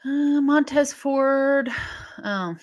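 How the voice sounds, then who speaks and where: A woman's voice: high-pitched, drawn-out words. A woman co-hosting a wrestling live stream, chatting casually and thinking aloud with sighs and restarts as she reacts to viewer comments.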